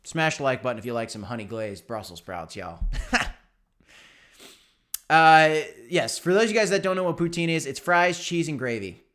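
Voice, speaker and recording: A young man with a fairly high voice hosts a relaxed livestream. He chats in an upbeat, easygoing way, reading out viewers' comments and answering them one by one. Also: normal speed. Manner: chatty, upbeat, reads out chat names and answers them. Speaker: crypto channel host.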